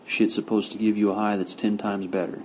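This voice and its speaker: A man's voice: lowish voice, flat delivery, brisk, darkish tone, a little hiss or hum, lightly acted. A man reading the lines of a menacing, heavyset male crime boss who growls threats and curses.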